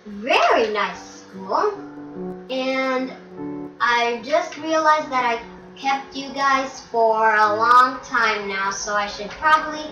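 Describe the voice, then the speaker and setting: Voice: mid-range voice, sharp tone. A young game vlogger giving a chatty, curious tour of a built world, musing aloud with ums and hmms. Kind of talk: casual gameplay tour commentary. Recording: roomy, distant, dull lo-fi mic with faint music.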